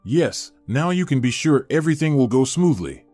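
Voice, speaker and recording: A man's voice: medium pitch, very animated, normal speed, a little mellow, no echo. A man voicing a mocking, scheming middle-aged business partner, speaking with contempt in a dry studio recording over faint music. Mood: sly. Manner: sneering and contemptuous.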